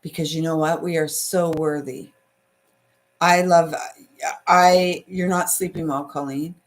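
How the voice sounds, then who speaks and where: A middle-aged Canadian woman with a Canadian accent hosts a spiritual live stream, reading viewer comments aloud in a soothing, chatty way. Her voice sits low, steady in tone and unhurried, for casual live-stream chat.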